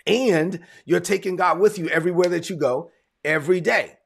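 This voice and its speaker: A man preaching a sermon in a conversational, emphatic way, repeating his points, with a gravelly, husky voice. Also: sits high, moderate pace. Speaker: pastor.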